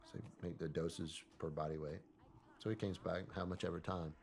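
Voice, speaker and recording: A man, a podcast guest, telling a personal story in a soft-spoken, hesitant way that often trails off. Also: sits low, little pitch movement, a little fast, gravelly, a little hiss or hum.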